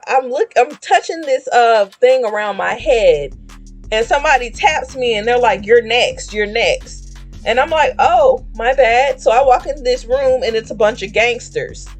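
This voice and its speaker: A woman streamer with a slightly high voice casually tells the story of a dream. She's animated and laughs as she acts out the people in it.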